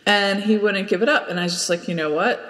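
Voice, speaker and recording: A woman's voice: mid-range voice, fairly even intonation, fast talker, a bit bright, long reverb tail. A woman hosting a podcast, chatting casually and telling a story with lots of laughter. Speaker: podcast host. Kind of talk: casual chat and anecdote.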